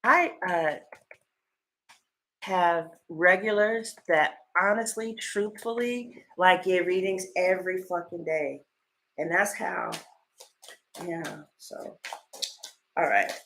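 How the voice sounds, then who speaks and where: A woman tarot reader in a casual livestream, telling stories in an animated, blunt way and swearing freely. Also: on the low side, takes it slowly, pauses often.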